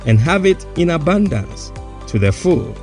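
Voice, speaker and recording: A man giving a calm, scripted sign-off at the end of a sermon podcast. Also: on the high side, a little slow. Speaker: podcast host. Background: faint music.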